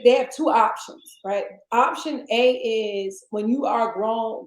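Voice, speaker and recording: A fairly high-voiced woman hosts a casual motivational interview. She talks in an animated way, leaping into high, playful voices whenever she quotes someone. The room around her is roomy and echoey. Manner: animated, jumps into high playful voices when quoting others. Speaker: interview host.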